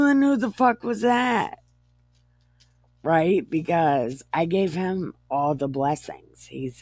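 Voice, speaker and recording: A woman retelling scripture in a loose, comedic way, her pitch swinging widely. She talks slowly and without hurry. The sound is dry and close, with no room to it. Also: no room sound. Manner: animated and profane, reads verses then adds blunt commentary; slow, unhurried delivery with wide swings in pitch. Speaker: bible storyteller.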